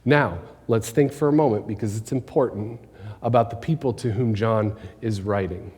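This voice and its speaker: A man preaching a conversational sermon, asking the congregation questions and dropping his voice low for emphasis. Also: normal speed, darkish tone, slightly rough. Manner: conversational preaching, rhetorical questions, drops to near-whisper for emphasis. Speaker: pastor. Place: church sanctuary. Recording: long hall reverb.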